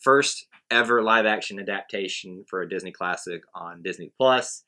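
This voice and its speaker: A man's voice: sits low, moderate pace, pushed and bright. A man co-hosting a casual movie review chat, playful and given to acting out bits. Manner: playful, bursts into sung and acted bits. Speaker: co-host of a movie review show.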